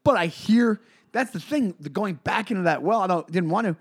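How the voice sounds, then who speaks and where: A man's voice: high voice, fairly quick, slightly rough. A man in his forties, a comedian co-hosting a podcast, telling stories in casual chat with lots of swearing and restarts. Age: 40s. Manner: animated, swearing, many restarts.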